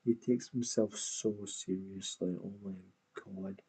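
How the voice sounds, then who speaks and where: A man with a low, mellow voice gives an angry reaction commentary. He is scornful and swears freely as he talks back at a clip. His voice has a husky edge. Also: steady tone, measured pace, few pauses, poor audio. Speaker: reaction video host.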